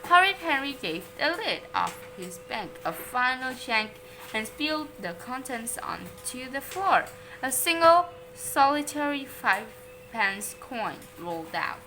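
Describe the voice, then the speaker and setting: A woman reading a children's storybook aloud, slow and expressive. Her voice is bright and on the high side, with lively rises and falls. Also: a little hiss or hum. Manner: expressive, unhurried read-aloud.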